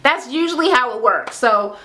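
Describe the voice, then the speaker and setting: A woman recapping a reality show in a casual, animated rant, swearing heavily and acting out what people said. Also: on the high side, normal speed. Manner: animated, heavy swearing, acts out quotes. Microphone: camera mic with ring light setup.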